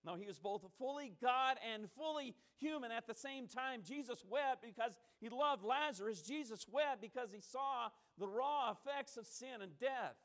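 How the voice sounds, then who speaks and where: A man's voice: very high voice, normal speed, few pauses, a bit bright. A man preaching a sermon, repeating phrases for emphasis and drawing out key words as he builds.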